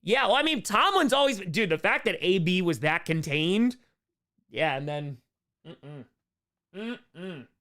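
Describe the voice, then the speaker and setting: Young male stream host, high bright voice, lively and hyped, calling plays and reading chat. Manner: excitable, hypes up viewers, quick shifts between calling plays and reading chat. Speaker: live stream play-by-play host. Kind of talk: live play-by-play and chat reading.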